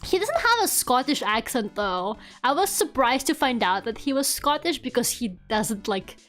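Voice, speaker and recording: A woman's voice: high voice, sing-song, moderate pace, a bit bright. Giggly young woman streamer chatting. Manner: chatty, giggly, swears casually. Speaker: VTuber streamer. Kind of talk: casual livestream chat. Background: faint game music.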